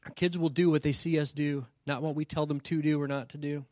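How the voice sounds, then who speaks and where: A man preaching a sermon in a slightly high voice, telling stories in a loose, conversational way and asking "right?" along the way. He earnestly challenges his congregation. The recording is dry, with no room echo. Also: level tone, a little fast, darkish tone. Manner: conversational storytelling, often asks "right?". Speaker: pastor.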